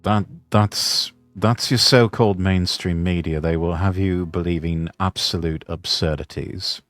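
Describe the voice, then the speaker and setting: Deep-voiced man, sarcastic streamer. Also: fairly even intonation, measured pace, a bit bright, dry recording, soft background music. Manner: sarcastic, crude and mocking. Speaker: streamer host. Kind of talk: casual stream chat.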